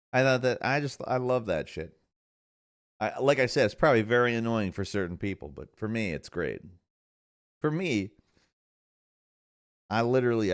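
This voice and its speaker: A man hosting a live stream, chatting casually in a rambling way with lots of restarts. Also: on the low side. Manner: rambling, hesitant, many restarts. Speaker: streamer host.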